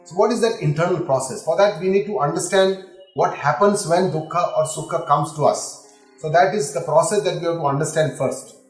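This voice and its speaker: Man, Indian English accent, middle-aged, scripture lecture, explanatory, repeats terms, higher voice, echoey room. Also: fairly quick, faint music behind. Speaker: spiritual teacher.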